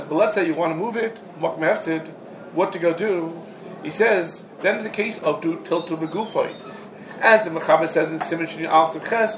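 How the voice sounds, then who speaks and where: A man giving a halacha class in English, packed with Hebrew and Yiddish terms, in an echoey room. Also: high voice. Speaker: Talmud teacher. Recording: echoey room, background noise.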